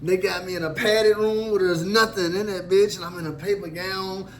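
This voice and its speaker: A man telling a true story about himself in a casual, animated and profane way, acting out the other people in it. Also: high-pitched, moderate pace.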